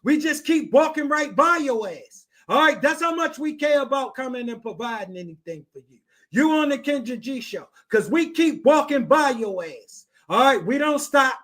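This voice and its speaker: A man's voice: extremely high pitch, expressive, moderate pace, a bit bright. A man hosting a reaction podcast, giving blunt, mocking, profane commentary and repeating his punchlines.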